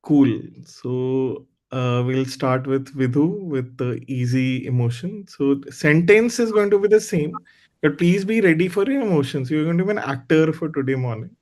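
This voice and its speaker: A man's voice: fairly high pitch, moderate pace, a little mellow. A man hosting an online club meeting and leading a speaking exercise in a loose, conversational, encouraging way, heard over a video call.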